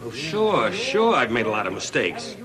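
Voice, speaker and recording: A man's voice: mid-range voice, wildly swooping pitch, moderate pace, a crowd in the background. A lonely, pleading rich father. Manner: pleading phone talk, covered with forced bluster. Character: rich lonely middle-aged father begging his estranged son. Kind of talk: sitcom acting. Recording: studio audience laughter.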